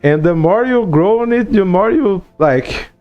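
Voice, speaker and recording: A man's voice: high-pitched, a little slow, lo-fi sound, faint music behind. A Brazilian man speaking English as a second language, with a Portuguese accent, chatting casually on a livestream and ranting with plenty of swearing and "bro" fillers. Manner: profane, animated rant with many "bro" and "you know" fillers. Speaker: streamer.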